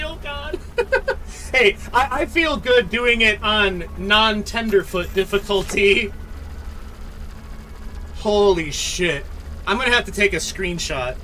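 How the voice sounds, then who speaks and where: A man streaming a game live, commenting excitedly, thanking viewers and laughing often. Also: high-pitched, unhurried, faint music behind.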